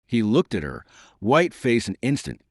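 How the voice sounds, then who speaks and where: A man narrating an audiobook in a dramatic, measured reading. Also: mid-range voice, wildly swooping pitch, dry recording, studio quality.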